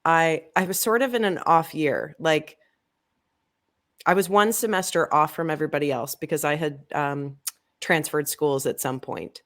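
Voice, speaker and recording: A woman's voice: sits low, normal speed. A woman guest on a podcast, chatting casually and acting out past conversations as she tells her story. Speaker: podcast guest, marketing agency owner. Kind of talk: casual interview chat.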